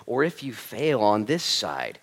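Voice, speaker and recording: Animated, conversational male pastor preaching. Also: on the low side, unhurried, creaky. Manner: energetic, conversational preaching with animated quoted asides. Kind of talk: sermon.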